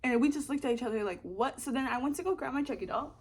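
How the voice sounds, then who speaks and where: Young woman, vlogger, casual storytelling, rambling, swears a lot, somewhat high voice. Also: racing, slightly rough. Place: her apartment. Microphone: camera in front of her.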